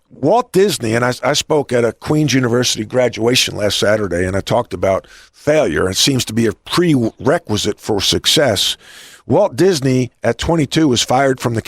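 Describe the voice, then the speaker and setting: Gravelly middle-aged guy hosting a chat, dry close sound, lots of restarts. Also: medium pitch, a bit bright, no echo. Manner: storytelling, many restarts. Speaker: podcast host and coach. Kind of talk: conversational interview.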